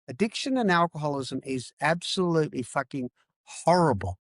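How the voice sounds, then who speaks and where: A man's voice: a little high, lively intonation, moderate pace, no room sound. A middle-aged man from Australia, a podcast guest, talking candidly and emphatically, repeating phrases and swearing. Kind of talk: candid interview talk.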